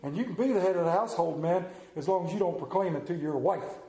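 A middle-aged man preaching a sermon in a church, telling stories dramatically, building to near shouts and dropping to hushed tones. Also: high-pitched, quick pace. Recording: echoey church room.

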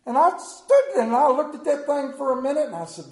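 A man's voice: extremely high pitch, huge pitch swings, fairly quick, darkish tone. A man pastor preaching a Sunday sermon, telling a story in a folksy way and reading scripture aloud. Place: church sanctuary. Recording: roomy church echo.

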